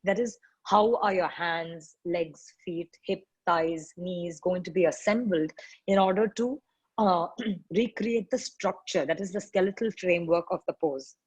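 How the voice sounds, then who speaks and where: A middle-aged woman with an Indian English accent, a yoga teacher giving an orientation talk to new students over a video call, explaining earnestly and correcting herself often, her voice cracking and needing to clear her throat. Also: lowish voice, measured pace, darkish tone, no room sound, muffled recording.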